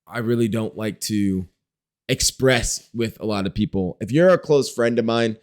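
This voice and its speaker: A man's voice: lowish voice, moderate pace, smooth. A young man from Wisconsin talking casually to his camera in a diary-style vlog, rambling in slang and filling his talk with "like" and "you know". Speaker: vlogger.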